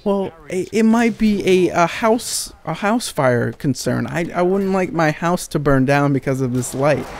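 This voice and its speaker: A man's voice: on the high side, lively intonation, a little slow, hardly any pauses, voice pushed up. A man voicing a fussy, worried older woman customer with prim, fretful questions.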